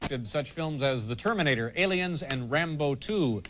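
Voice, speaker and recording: A man's voice: a little high, lively intonation, moderate pace, over loud music. A man hosting a late-night talk show, dry and wry, chuckling as he talks. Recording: studio noise and loud audience laughter.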